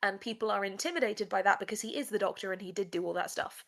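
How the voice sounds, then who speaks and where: A woman's voice: medium pitch, fast, vocal fry, a bit bright. A woman co-hosting a podcast, chatting animatedly in a casual review of a TV episode. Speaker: podcast co-host. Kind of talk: casual discursive review chat.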